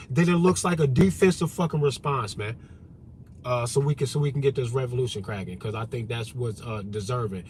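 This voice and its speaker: A man with a mid-range, slightly mellow voice hosts a livestream, talking briskly in an unscripted rant. He's blunt, profane, and repetitive, reading out his chat and answering it directly, with a little hiss or hum in the audio.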